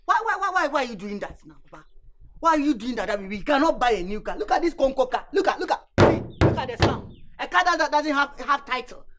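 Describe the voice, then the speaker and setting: High lively Nigerian woman playing a brash young son. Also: fast talker, heavy background noise. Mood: complaining. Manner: stammering, repeats words, complaining. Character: brash young man, father's only son, self-styled rebel. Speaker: actress. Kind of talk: film acting.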